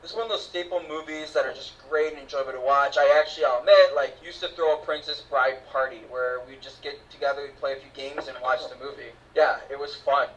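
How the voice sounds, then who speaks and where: A man's voice: medium pitch, fast talker, few pauses, a bit bright, distant mic, dull audio. A man hosting a casual movie review podcast, chatty and enthusiastic, often laughing. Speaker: podcast host.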